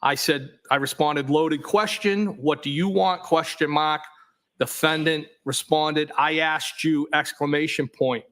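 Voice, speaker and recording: A man testifying in court, reading text messages aloud in a flat, methodical way. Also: a little high, measured pace. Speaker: trial witness.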